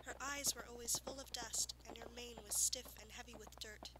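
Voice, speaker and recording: A woman narrating a fantasy storybook aloud in a soft, measured, lyrical way, sometimes dropping to a whisper. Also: fairly high pitch, fairly even intonation, background noise. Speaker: audiobook reader.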